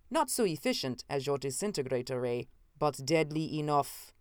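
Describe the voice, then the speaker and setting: A woman's voice: sits low, no room sound, studio quality, full character voice. A woman reading an audiobook, voicing a menacing male villain who rants and snarls about ruling the world. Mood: threatening. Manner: snarling, triumphant ranting. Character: menacing scheming man, megalomaniac villain.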